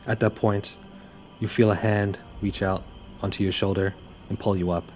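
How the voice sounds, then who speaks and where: A man's voice: lowish voice, flat delivery, normal speed, darkish tone, faint music behind. A young man running a tabletop game as game master, narrating loosely with many fillers and restarts.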